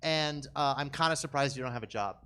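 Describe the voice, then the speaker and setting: A man chatting on stage in casual comedy banter, making dry low-key remarks. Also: fairly quick, bright, forceful tone, smooth.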